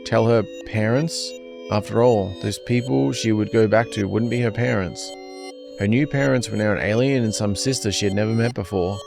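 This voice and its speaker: A man's voice: fairly low pitch, normal speed, creaky. A man playing a horror game on video, reading its story text aloud in a plain narrating manner with casual asides. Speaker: gaming YouTuber. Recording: game music underneath.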